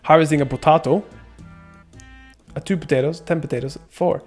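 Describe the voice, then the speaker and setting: A man's voice: fairly high pitch, quick pace, darkish tone, husky. A young man doing casual gameplay commentary, rambling and joking as he reads chat. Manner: joking, rambling, laughs often, silly sound effects. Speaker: streamer. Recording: faint music behind.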